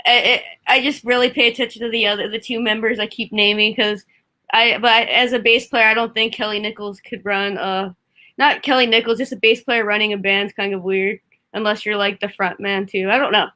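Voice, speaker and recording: A woman's voice: mid-range voice, flat delivery, brisk, pushed and bright. A woman co-hosting a podcast, chatting casually about music in a giggly way, full of fillers. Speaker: podcast co-host. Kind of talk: casual chat about records.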